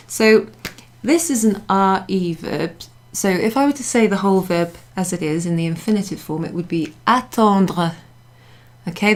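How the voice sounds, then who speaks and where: Patient woman teaching a lower-voiced beginners' class. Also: gravelly. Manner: patient, explaining step by step with repeated examples. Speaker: French teacher. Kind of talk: classroom French lesson. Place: pub function room, classroom class.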